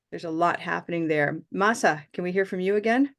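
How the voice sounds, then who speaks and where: A woman leads an online pronunciation class, speaking through a video call mic. She praises her students warmly and stretches out vowel sounds so they can copy them. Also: on the low side. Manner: encouraging, models vowel sounds slowly. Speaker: pronunciation teacher.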